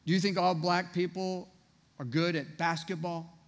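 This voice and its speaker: A man's voice: sits high, little pitch movement, normal speed. A man preaching a conversational sermon, firing rhetorical questions at his congregation. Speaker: pastor. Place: church sanctuary. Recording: reverberant hall.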